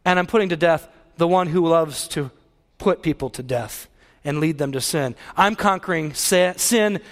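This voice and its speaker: A man's voice: a little high, moderate pace, pitched below the performer's own voice, close to an everyday voice. A male preacher voicing God as a mighty, triumphant male deity, solemn and declaring, in a hall with a long reverb.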